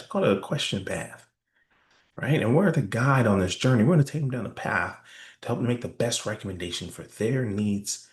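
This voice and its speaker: A man's voice: lowish voice, reverberant. A man giving a sales training talk in a conversational style, often checking in with "right?". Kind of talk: workshop presentation.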